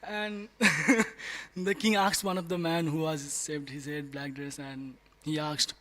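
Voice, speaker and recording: A man speaking at a devotee class, telling a story with animated delivery and frequent laughter. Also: fairly high pitch, measured pace. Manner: laughs often, animated, restarts words. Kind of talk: storytelling talk. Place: temple class room.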